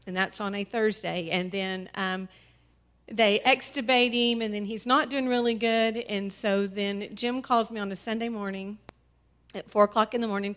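A woman telling her family's story as a church testimony, tearful and halting, with many pauses and fillers. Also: medium pitch, fairly bright tone. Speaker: mother sharing a testimony. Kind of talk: emotional personal testimony. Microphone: handheld microphone.

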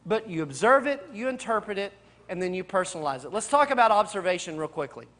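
A man's voice: high-pitched, big pitch swings, quick pace, a bit bright. A man, a pastor, teaching a Bible study, firing off rhetorical questions, repeating key points and speaking straight to his listeners in a casual way. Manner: addresses listeners directly and casually.

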